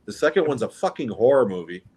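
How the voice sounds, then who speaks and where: A man's voice: mid-range voice, very animated, quick pace, a little mellow, breathy edge. A man co-hosting a casual movie podcast, giving blunt opinions and swearing freely. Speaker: co-host.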